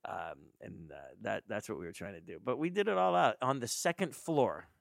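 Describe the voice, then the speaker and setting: Rambling man with a gravelly voice. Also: on the low side, expressive, fairly quick, dry recording, studio quality. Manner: rambling storyteller, laughs hard. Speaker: podcast guest. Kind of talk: casual chat.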